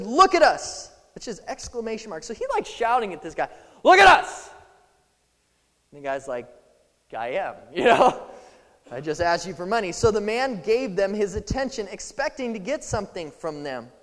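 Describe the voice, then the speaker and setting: A man preaching a sermon, casual and animated, acting out scripture scenes in little voices. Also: high-pitched. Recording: long hall reverb.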